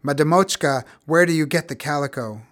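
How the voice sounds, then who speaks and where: A man voicing a bitter, legless older male street vendor in an audiobook, talking loudly in an anguished, pleading way. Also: on the high side, fairly quick, natural voice.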